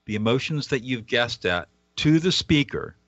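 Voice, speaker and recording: A man's voice: mid-range voice, lively intonation, moderate pace, fairly bright tone, dry recording, muffled recording. A man, a guest author on a radio interview, explaining a method earnestly and at times acting out example dialogue.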